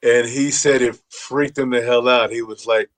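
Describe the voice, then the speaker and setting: A man's voice: mid-range voice, steady tone, normal speed. Laid-back male talk show host. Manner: loose, laughing storyteller who acts out quotes. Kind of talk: casual chat.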